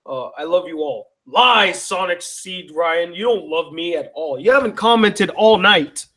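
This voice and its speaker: A worn-out man with a high voice drawls slowly through a livestream chat, yawning between comments. He answers his viewers with casual, profane teasing. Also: animated, bright, forceful tone. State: tired, yawning. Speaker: YouTube channel host.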